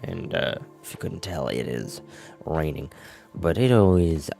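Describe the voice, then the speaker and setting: A man's voice: very deep voice, animated, a little slow, gravelly, dark tone, faint music behind. A man streaming, rambling and mocking himself in casual chat before reading scripture aloud. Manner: rambling, self-mocking, trails off into murmurs.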